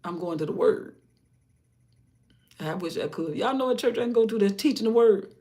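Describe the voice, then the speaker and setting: An older grandmother hosting a live stream, talking in a rambling, casual way about her day and her faith, often sinking into soft murmurs. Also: medium pitch, animated, normal speed. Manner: rambling, warm-hearted, drifts into soft murmurs. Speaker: livestream host.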